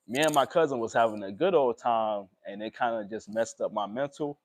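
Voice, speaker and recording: A young man, talking emotionally and haltingly in a personal vlog, with many pauses and fillers. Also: on the low side, a little hiss or hum. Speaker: vlogger.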